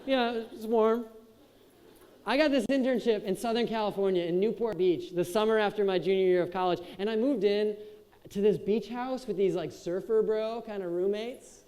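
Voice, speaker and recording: Young man from Wisconsin, high voice, casual joking keynote speaker, hall reverb. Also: a little fast, mellow. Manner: casual and joking, chats with the crowd. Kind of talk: motivational speech to a youth audience. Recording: echoey hall with long reverb.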